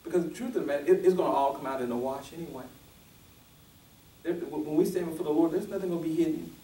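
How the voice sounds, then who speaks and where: A man's voice: a little high, quick pace, warm tone, roomy sound, distant mic, a little hiss or hum, rough recording. A male pastor preaching a sermon, restarting often and building to emphatic, rising peaks.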